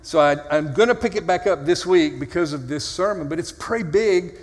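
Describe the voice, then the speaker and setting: A man's voice: on the high side, animated, moderate pace. A male pastor preaching an earnest, conversational sermon with dry, self-mocking humor. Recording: long hall reverb.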